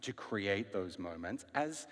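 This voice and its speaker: A man's voice: on the low side, expressive, takes it slowly, fairly bright tone. A man moderating an on-stage interview at a conference, enthusiastic. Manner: enthusiastic, quotes people in voices. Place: large hall with live audience. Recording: long hall reverb.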